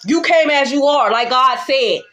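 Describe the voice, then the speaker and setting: Woman doing a tarot reading, kinda high voice, cussing and blunt, music playing faint behind her. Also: normal speed. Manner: blunt, profane, swings between calm and heated. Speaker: tarot reader. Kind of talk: spiritual tarot reading to viewers. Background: background music.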